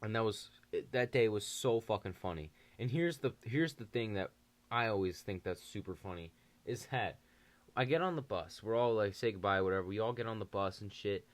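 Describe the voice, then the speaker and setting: A man's voice: on the low side, moderate pace. Foul-mouthed young guy telling a story. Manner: profane, animated storytelling. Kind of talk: casual storytime.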